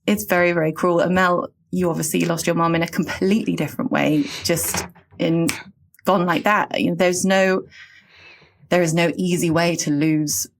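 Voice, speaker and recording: A woman from England in her late thirties, talking in an earnest, reflective and halting way on a casual podcast. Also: fairly low pitch, steady tone, vocal fry. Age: late 30s.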